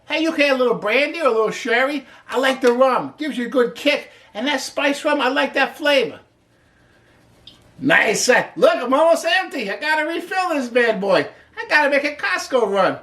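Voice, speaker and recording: A man's voice: very high voice, expressive, brisk, fairly bright tone. A man hosting a casual cooking demonstration, chatty and upbeat as he explains each step while he works. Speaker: cooking show host. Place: home kitchen.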